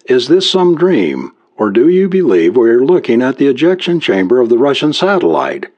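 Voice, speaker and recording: A man voicing a tense young man on a boat who is trying hard to sound calm and steady. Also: mid-range voice, moderate pace, voice pushed up. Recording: muffled lo-fi recording.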